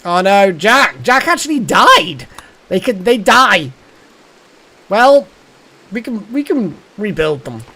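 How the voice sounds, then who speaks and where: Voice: medium pitch, sing-song, takes it slowly, pauses often, pushed and bright, a little hiss or hum. A streamer giving live gameplay commentary, thinking aloud, muttering and swearing at the game.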